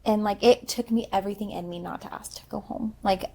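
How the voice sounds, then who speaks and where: A young woman co-hosting a podcast, telling her story in an animated, emphatic casual chat. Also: mid-range voice, brisk, creaky. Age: young adult. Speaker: podcast co-host.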